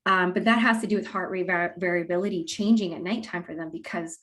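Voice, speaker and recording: A woman talking as a guest expert in a casual interview, explaining in a lively way and acting out what parents say. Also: on the low side, fast. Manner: animated, acts out quoted parents with laughs. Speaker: guest expert on mouth breathing.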